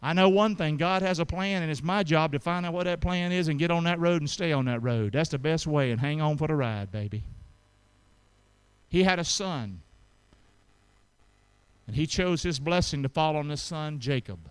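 A man preaching a sermon, calling out to the congregation for responses and swinging between loud emphasis and quiet asides. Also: fairly high pitch, normal speed, clean tone. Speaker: pastor.

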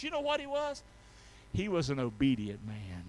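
A male pastor preaching a sermon in a church, drawing call-and-response from the congregation and swinging from soft asides to shouted emphasis. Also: medium pitch, huge pitch swings, normal speed. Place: church sanctuary.

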